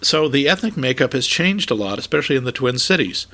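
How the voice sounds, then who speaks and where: A man's voice: medium pitch, animated, fast, sharp tone. A man from New England co-hosting a film podcast, chatting in a rambling way with many restarts. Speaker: podcast co-host. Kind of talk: casual film chat.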